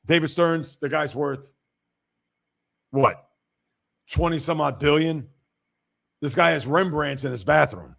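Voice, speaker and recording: Opinionated male sports host with gravelly voice. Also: a little high, fairly bright tone. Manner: opinionated, reacting to viewer comments; blunt and emphatic when criticizing. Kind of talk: casual livestream sports commentary.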